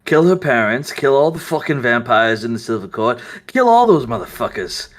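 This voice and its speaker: A man's voice: mid-range voice, big pitch swings, moderate pace, natural voice. A man doing a snarling power-hungry schemer. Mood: scornful. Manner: snarling, profane, dismissive. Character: scornful power-hungry man, bitter widower.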